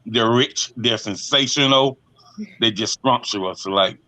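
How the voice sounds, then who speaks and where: A man's voice: medium pitch, slow, pushed and bright, no room sound. A man chats casually as a co-host, teasing and asking playful questions. His voice sits in an ordinary middle range, recorded dry and close. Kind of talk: casual chat.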